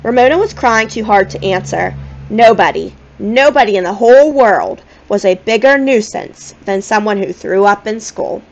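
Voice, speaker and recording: A woman reading a children's novel aloud in a gentle, expressive storytelling manner. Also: medium pitch, normal speed, lo-fi sound. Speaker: audiobook reader.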